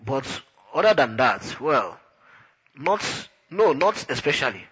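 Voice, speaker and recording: A man's voice: mid-range voice, very animated, takes it slowly, fairly bright tone, slightly rough, big-room sound, highs cut off, heavily acted. A man voicing an exasperated young Englishman who answers with sarcasm. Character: flustered indignant Englishman, young adult male.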